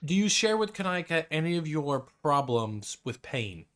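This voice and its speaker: A man's voice: a little high, big pitch swings, moderate pace, fairly bright tone. A man narrating as game master of a tabletop game, rambling with frequent restarts. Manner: rambling with many restarts and fillers.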